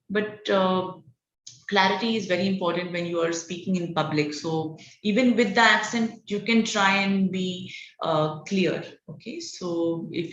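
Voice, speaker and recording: A woman running an online public speaking class, encouraging and energetic, with frequent "okay" and "all right" between points. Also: medium pitch. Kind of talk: online training session. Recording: dull roomy lo-fi online call audio.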